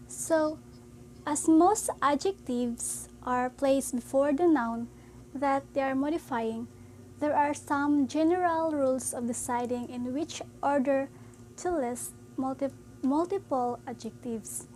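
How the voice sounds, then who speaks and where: A woman teaching a grammar lesson, explaining slowly and haltingly, with frequent "so" and "um" fillers. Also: sits high, darkish tone, rough recording.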